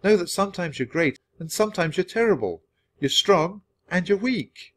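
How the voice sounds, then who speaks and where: A man's voice: high-pitched, animated, normal speed, voice pushed up. A man putting on an eager young girl. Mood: earnest. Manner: bright, earnest, coaxing.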